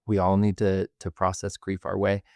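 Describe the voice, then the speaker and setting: A man hosting a podcast, speaking in a measured, reflective way with small hesitations. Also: low-pitched, monotone, darkish tone, dry recording, clean studio sound. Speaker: podcast host. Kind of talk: reflective conversation.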